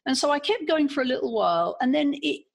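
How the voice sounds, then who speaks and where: A woman's voice: sits high, animated, fast, vocal fry. A woman with an English accent telling her own story as a podcast guest, earnest and analytical, often restarting her sentences. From England. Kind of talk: candid personal storytelling.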